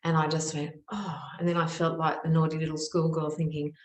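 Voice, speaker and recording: A woman from Australia, a spiritual teacher, telling a personal story in an earnest, animated way with many fillers. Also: low-pitched, a little fast, reverberant, poor audio. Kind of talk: storytelling monologue.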